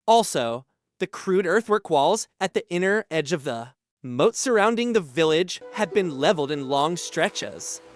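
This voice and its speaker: A male audiobook narrator reading fantasy in a measured, expressive way. His pitch swings widely while he keeps an unhurried pace. The studio sound is very dry and close. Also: no room sound.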